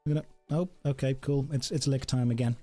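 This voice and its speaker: A streamer jokes and chats casually during a game, talking to his chat and his dog at a brisk pace. His mid-range voice is mellow with fairly even intonation, and faint music plays behind.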